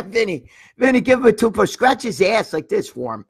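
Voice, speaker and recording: A middle-aged man telling crude stories on a livestream, loose and rambling, with a lot of cursing. His voice sits high for a man and has a husky, raspy edge. He keeps circling back with "you know what I mean?". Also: big pitch swings, fairly quick, a bit bright. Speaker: livestream host reading viewer comments. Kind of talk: crude casual storytelling.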